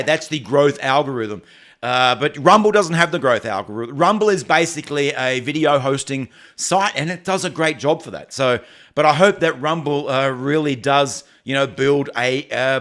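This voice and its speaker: An Australian man hosting a casual livestream, chatting and answering viewer comments in a halting way, often restarting and repeating phrases. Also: medium pitch, a bit bright. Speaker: livestream host.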